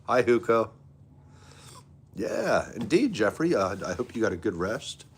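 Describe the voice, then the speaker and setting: Low-voiced guy doing a chill live stream, friendly, reading chat, bit of hum in the back. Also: sing-song, measured pace. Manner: friendly, reads chat aloud and greets viewers. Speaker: livestream host. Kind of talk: casual live chat with viewers.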